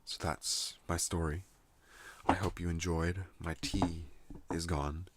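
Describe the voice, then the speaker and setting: A man hosting a soft-spoken ASMR channel, rambling at home in a soothing, unhurried monologue. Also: sits low, flat delivery, heavy background noise. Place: at home in a trailer.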